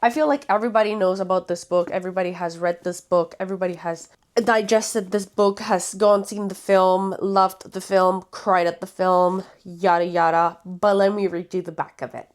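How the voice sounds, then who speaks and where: A woman's voice: on the low side, steady tone, normal speed. Chatty woman. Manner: chatty, playful, swears casually, talks to viewers. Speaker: book vlogger. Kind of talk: casual chatty vlog.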